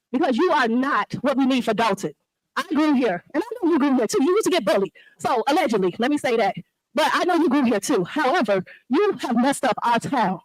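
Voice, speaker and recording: A woman's voice: sits high, dry recording, low-quality recording. A woman resident making a fiery, accusatory public comment at a meeting, speaking close on the microphone while ill and anxious. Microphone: meeting hall microphone held close.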